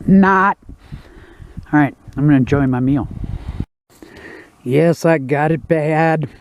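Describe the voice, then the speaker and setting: A man's voice: on the high side, fairly even intonation, measured pace, a little mellow, slight background noise. A man narrating his own outdoor cooking vlog beside a campfire in the woods, in a folksy, joking, laid-back way.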